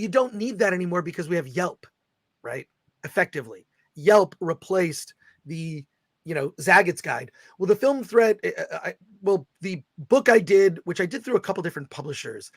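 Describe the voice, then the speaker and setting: A middle-aged man hosting a casual livestream chat, excitably reading viewer comments aloud. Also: high-pitched, normal speed, dry recording. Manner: excitable, reads viewer super chats aloud. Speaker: host.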